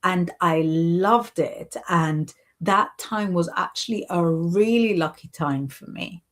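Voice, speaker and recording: A woman's voice: fairly low pitch, takes it slowly. A woman hosting a casual live stream, chatting and encouraging as she reads viewer comments and gives intuitive readings, with lots of "sort of" and "you know".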